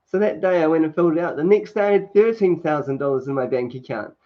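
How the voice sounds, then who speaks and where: This livestreaming man talks at a quick pace in a slightly high voice, laughing and using many fillers as he reads comments in a casual chat. He's at home indoors in sunlight, and the stream sound is dull and lo-fi.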